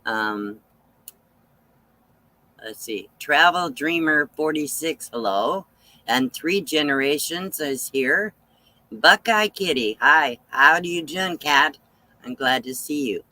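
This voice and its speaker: A man hosting a live stream, chatting casually and greeting viewers one by one, with many fillers and pauses. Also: fairly high pitch, animated, pushed and bright, low-quality recording. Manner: unhurried, halting, with many fillers. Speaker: channel host on a live stream.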